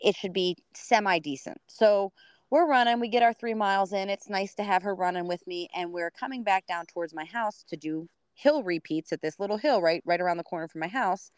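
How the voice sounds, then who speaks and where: A woman co-hosting a podcast, telling a story in casual chat, swearing freely and acting out quotes in a high voice. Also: a little fast, smooth, dry recording. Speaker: podcast co-host.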